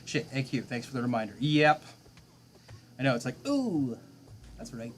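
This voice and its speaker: A man's voice: medium pitch, sing-song, normal speed, a little hiss or hum. A man streaming a game live late at night, rambling casually and answering viewers' chat.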